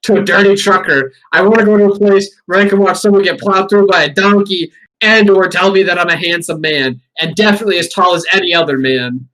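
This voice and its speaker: A man's voice: high-pitched, brisk, pushed and bright. A young man co-hosting a podcast, chatting casually and acting out crude quotes in jumping voices. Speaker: podcast co-host. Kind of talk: casual comedic chat.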